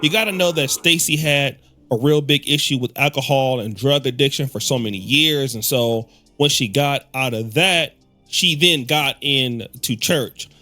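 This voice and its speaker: A man hosting a pop culture commentary, telling the story with wry, lively asides. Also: mid-range voice, moderate pace, faint music behind. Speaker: commentary host.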